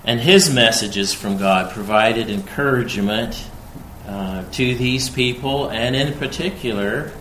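Slow, emphatic preacher man, echoey room. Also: medium pitch, a little hiss or hum. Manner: emphatic, rising loud on quoted scripture, slow deliberate pace. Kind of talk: expository sermon.

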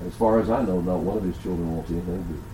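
A man's voice: low voice, rapid-fire, warm tone, echoey room, slight background noise, rough recording. An older man preaching a sermon, asking rhetorical questions and telling stories as the pastor. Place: church sanctuary.

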